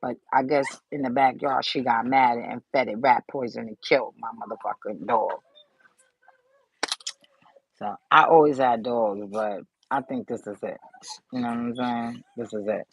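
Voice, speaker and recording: A vlogger speaks straight to camera in a loose, rambling way, swearing freely and drifting off the point. The voice sits at a middling pitch and sounds subdued and grieving. The recording is dry and close, with little room sound. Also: steady tone, normal speed, husky, no room sound, rough recording. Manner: rambling, loose and profane, loses track of the thought. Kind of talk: casual to-camera vlog talk.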